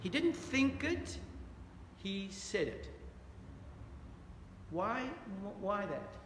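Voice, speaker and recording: A man's voice: high voice, big pitch swings, very slow, fairly bright tone, slight background noise. A man leading a Bible study lesson, talking earnestly and putting questions to his listeners. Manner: earnest, questions the audience, repeats "dear friends". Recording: echoey hall with long reverb, faint ambience.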